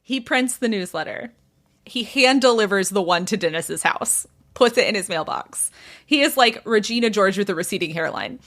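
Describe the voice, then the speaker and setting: A woman's voice: mid-range voice, moderate pace. A woman hosting a podcast, telling a gossip story in casual chat, laughing often and acting out what the people in it said. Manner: animated, laughs often, acts out characters' lines. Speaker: podcast host.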